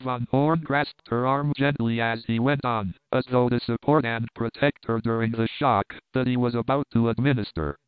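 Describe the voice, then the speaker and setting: A male narrator reads the story in a steady, formal manner. His voice is smooth and sits at a middle pitch. The sound is dry and close, and it passes through a thin, phone-like band. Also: normal speed, few pauses, no echo. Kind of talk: audiobook narration.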